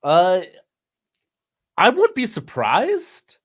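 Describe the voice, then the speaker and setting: Relaxed man breaking down prospects. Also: sits high, very slow. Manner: relaxed, filler-heavy. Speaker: guest co-host. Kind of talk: casual sports analysis.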